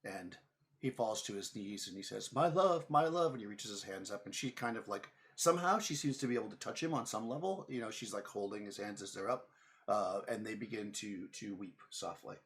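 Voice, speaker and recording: A man narrating as game master of a tabletop game, talking in halting bursts with many fillers. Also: fairly low pitch, fairly bright tone.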